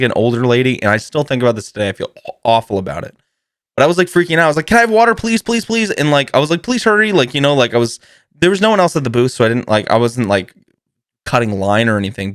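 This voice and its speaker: A man's voice: mid-range voice, no room sound, studio quality. A man hosting a podcast, telling a comedic story in a rambling way, swearing freely and laughing often. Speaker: podcast host.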